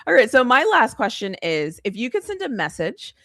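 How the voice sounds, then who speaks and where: A woman's voice: fairly high pitch, big pitch swings, normal speed, bright, forceful tone, no room sound, clean studio sound. A woman hosting a casual podcast interview, asking questions and laughing along. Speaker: podcast host.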